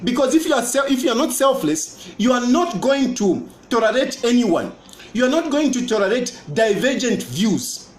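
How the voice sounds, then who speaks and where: A man's voice: extremely high pitch, very animated, moderate pace, slight background noise. A politician with a Zambian accent talking to camera, boastful and mocking, repeating his points. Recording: roomy echo.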